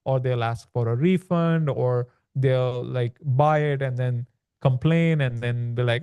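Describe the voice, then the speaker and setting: A man's voice: mid-range voice, unhurried, warm tone, clean tone, no room sound. A man, a podcast guest, explaining in casual talk and often dropping "like" and "right?". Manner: explanatory, peppers speech with "like" and "right?". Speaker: podcast guest, land business author. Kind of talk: conversational podcast interview.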